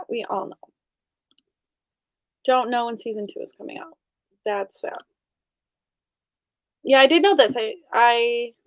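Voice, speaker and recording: A bubbly woman chats casually as she hosts a group reading call, laughing often between remarks. Her voice sits a little high. The sound is dry and close, with no room echo. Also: vocal fry. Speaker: host of an online group reading session. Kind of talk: casual chat.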